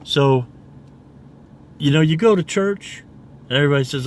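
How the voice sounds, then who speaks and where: A man preaching casually in a video, rambling and repeating "okay?" after each point and spelling words out slowly. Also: fairly high pitch, a little hiss or hum. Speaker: self-made online preacher.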